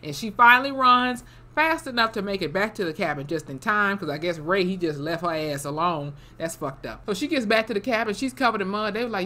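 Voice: mid-range voice, expressive, fairly quick, sharp tone. Slangy, profane voice recapping an episode. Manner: loose, slangy, profane storytelling with many fillers. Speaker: TV episode reviewer.

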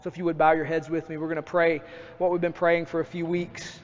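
A man preaching a sermon as pastor, lively and acting out his own outbursts. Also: fairly high pitch, quick pace. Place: church sanctuary. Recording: dull church recording with long reverb.

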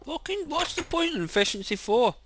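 A man casually commenting on his own gameplay, excitable and quick to swear loudly when frustrated, speaking into a desk mic. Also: extremely high pitch, background noise. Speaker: gaming channel host. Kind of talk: casual let's-play commentary.

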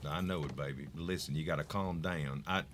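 A man chatting in character during a roleplay game, laid-back and halting, often restarting his words. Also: a bass voice, a bit bright, slight background noise. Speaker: roleplay player.

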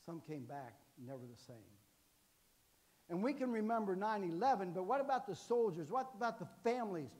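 A man's voice: high voice, big pitch swings, a little fast, a little mellow. Folksy older man preaching in a reverberant hall. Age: 60s. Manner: folksy, jokey storytelling with frequent "amen". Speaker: guest preacher. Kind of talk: sermon. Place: church sanctuary.

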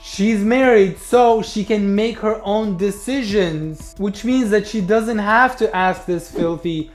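The voice is a mid-pitched reaction host, blunt and sarcastic, swearing freely while commenting on a clip. The tone is casual and mocking. Faint music plays underneath. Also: slow pace.

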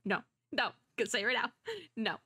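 Bright excitable young woman streamer. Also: a little high, a little fast, breathy edge, no room sound, clean studio sound. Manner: excitable, talks back at the characters on screen. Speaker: VTuber. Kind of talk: playthrough commentary, reading story text aloud.

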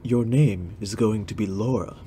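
Young male elf prince, soft-spoken, gentle, storybook reading, a man acting him out. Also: fairly low pitch, normal speed, slightly rough, pitched below the performer's own voice.

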